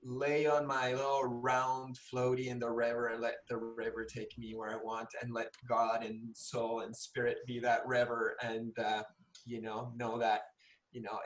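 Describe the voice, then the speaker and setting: A man in his forties, a guest artist from Peru, talking loosely with many fillers in a casual podcast interview. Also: mid-range voice. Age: 40s. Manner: relaxed, rambling with many fillers.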